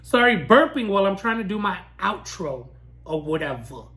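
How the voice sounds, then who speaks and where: A woman's voice: fairly low pitch, animated, moderate pace. A woman food vlogger talking casually to camera in a sassy, ranting way and laughing often. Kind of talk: casual mukbang vlog chat.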